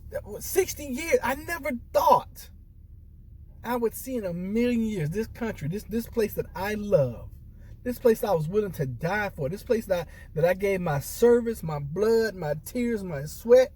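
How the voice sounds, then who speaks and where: Husky-voiced man, upset and earnest. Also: high voice, lively intonation, unhurried, dark tone, distant mic. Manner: earnest, emphatic, repeats and restarts phrases, addresses viewers as y'all. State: upset and near tears. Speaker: military veteran vlogger. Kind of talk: impassioned personal commentary to camera.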